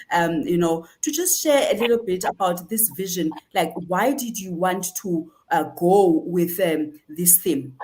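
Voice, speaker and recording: A woman from South Africa moderating an online panel, talking hesitantly with lots of ums and uhs. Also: fairly low pitch. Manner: hesitant, many fillers, warm praise.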